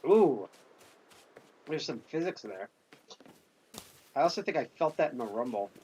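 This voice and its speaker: A man's voice: mid-range voice, sing-song, a little slow, dark tone, slight background noise. A man giving jokey, casual commentary while he plays a video game on stream. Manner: jokey, chatty, reacts aloud while playing.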